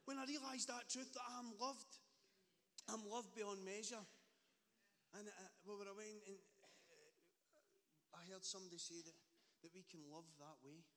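A man's voice: high-pitched, moderate pace, pauses often, sharp tone. A young Scottish man giving a fervent personal faith testimony, emphatic and prone to stammered restarts. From Scotland. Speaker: ministry support worker giving testimony. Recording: long reverb in a large hall.

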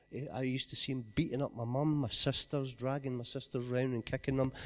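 A man with a Scottish accent giving an earnest personal testimony, often dropping to a quiet voice. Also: mid-range voice.

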